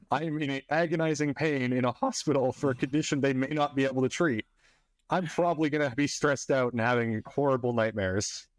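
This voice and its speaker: A man co-hosting a laid-back podcast conversation. His voice sits at an ordinary middle pitch, and the recording is dry and close with no room around it. He talks through researched accounts in a plain, matter-of-fact manner. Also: fairly even intonation, fairly quick, no room sound. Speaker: podcast co-host. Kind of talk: casual podcast chat.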